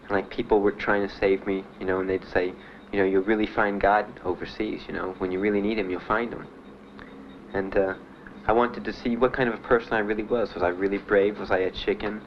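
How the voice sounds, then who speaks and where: An older, low-voiced Vietnam veteran from Miami recalls his past in an interview, telling his story plainly and haltingly with many "uh"s and "you know"s. His intonation is fairly even, and the recording has the highs cut off and a little hiss or hum.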